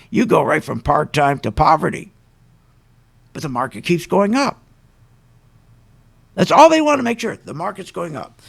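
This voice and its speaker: A man's voice: medium pitch, creaky, fairly bright tone. A man hosting a radio show, delivering an opinionated, ranting monologue full of sarcastic asides.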